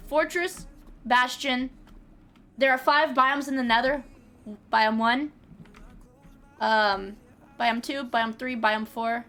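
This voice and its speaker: A woman's voice: fairly high pitch, fairly even intonation, slow, long pauses, sharp tone. A young woman streaming a game, chatting casually, swearing freely and often restarting her sentences. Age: young adult. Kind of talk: casual gaming livestream chat.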